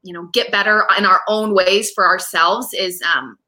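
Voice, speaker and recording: A woman in her thirties, a real estate agent and mother, chatting as a guest in an animated, talkative way with many fillers and restarts. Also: mid-range voice, moderate pace. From United States. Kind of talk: casual interview chat.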